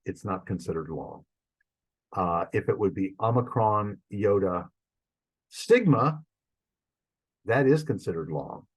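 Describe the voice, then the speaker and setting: A man teaching a Greek grammar class, explaining the rules step by step in a relaxed, informal way with frequent fillers and restarts. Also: deep voice, breathy edge, low-quality recording.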